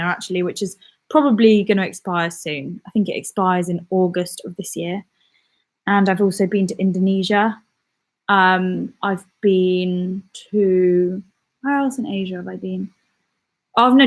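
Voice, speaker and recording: Chatty woman with mixed Midlands-southern English accent. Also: mid-range voice. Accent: mixed West Midlands and southern English. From West Midlands, England. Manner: chatty, reads viewer comments aloud, laughs often. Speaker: YouTuber and comedian. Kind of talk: casual live-stream Q&A.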